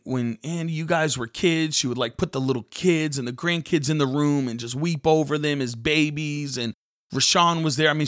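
A man hosting a devotional podcast, telling a story in an animated, casual, preacher-like way. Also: a little high, no echo, clean studio sound. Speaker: podcast host.

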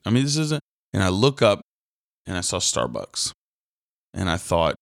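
A man, a minister hosting a faith podcast, who talks casually and rambles through animated stories. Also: on the low side, a little fast, vocal fry, dry recording, clean studio sound.

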